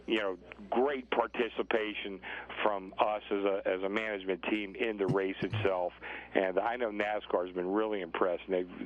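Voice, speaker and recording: A man's voice: on the low side, narrow, tinny audio. An older man, a sportsbook director, chatting easily as a podcast guest and laughing often. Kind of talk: casual podcast interview.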